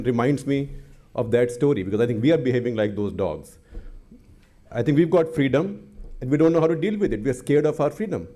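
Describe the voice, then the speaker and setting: A man's voice: medium pitch, dark tone. A middle-aged man with an Indian accent, speaking as an editor on a panel, plain-spoken and impassioned, with storytelling asides. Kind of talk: panel talk.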